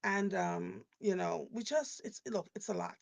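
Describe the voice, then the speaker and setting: A woman in her fifties talks casually to her live-stream audience, her voice rough and gravelly with heavy fry. She rambles from story to story, doubling back and restarting her sentences as she goes. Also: mid-range voice, unhurried. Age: 50s. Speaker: live show host.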